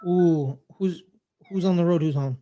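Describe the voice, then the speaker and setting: A man's voice: sits high, brisk. Playful, slangy man, podcast guest. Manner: playful, slangy, laughs easily. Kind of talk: casual sports chat.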